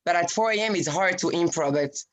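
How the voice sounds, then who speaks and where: A woman's voice: on the low side, quick pace. A woman, an acting student, chatting casually on a video call.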